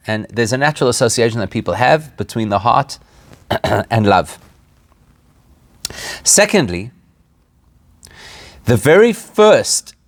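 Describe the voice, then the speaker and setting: A man's voice: mid-range voice, no room sound. A man, a rabbi, giving an informal spoken lesson, asking rhetorical questions and laughing at his own points. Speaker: rabbi teaching a weekly class.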